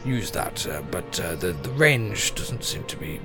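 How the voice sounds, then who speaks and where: A man voicing a fussy male centaur official who explains plans in a halting way, full of fillers. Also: fairly low pitch, lively intonation, music in the background, voice pushed down. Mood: fumbling.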